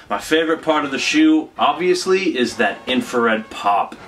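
A man's voice: mid-range voice, distant mic. Young man, sneaker vlog, rambling and chatty, set back from the mic, faint music under him. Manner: chatty, rambling, animated with emphatic repeats. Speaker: sneaker vlogger. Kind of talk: casual vlog unboxing.

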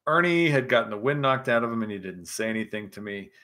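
Fast-talking and sharp, this livestream host has a mid-range voice with lively intonation. He's a young guy slightly buzzed on scotch, laughing through rambling, profane stories while going through the chat.

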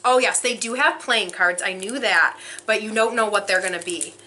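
A young woman excitedly unboxing a subscription box for her vlog, gushing and exclaiming as she goes. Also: medium pitch, normal speed, slight background noise. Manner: gushing, breathless, frequent exclamations.

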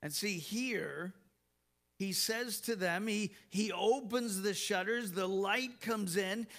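A man delivers a sermon at an unhurried pace, his voice pitched high and bright. He leans on words for emphasis and lets small laughs slip between phrases, sometimes repeating himself as he goes. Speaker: pastor.

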